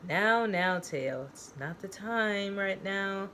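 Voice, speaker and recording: A woman's voice: medium pitch, lively intonation, takes it slowly, pushed and bright, a little hiss or hum. A woman reading aloud from her own novel, voicing a brash young male psych ward patient who talks in slang. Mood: cocky. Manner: cocky, slangy, calls people dude and man.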